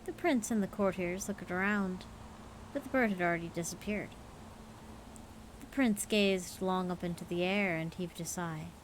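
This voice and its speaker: A woman streaming, reading folk stories aloud in a relaxed, playful way. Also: lowish voice, moderate pace, slight background noise, poor audio. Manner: casual, playful, tired late in the stream. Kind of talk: storytelling livestream.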